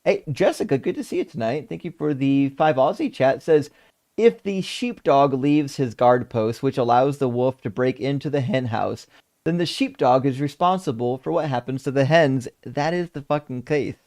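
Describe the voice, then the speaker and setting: A man hosting a live debate stream, reading viewer messages aloud in casual, animated, profane talk with sarcastic asides. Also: medium pitch, normal speed. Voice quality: gravelly. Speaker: debate stream host reading super chats.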